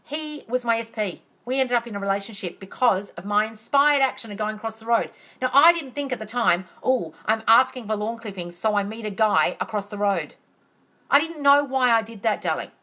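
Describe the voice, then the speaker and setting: A manifesting coach hosts a casual live-stream Q&A on her phone, blunt and emphatic, swearing freely and calling viewers "darling." Her voice is on the high side and fairly quick, with lively intonation and a sharp tone, and she rants in a heated way.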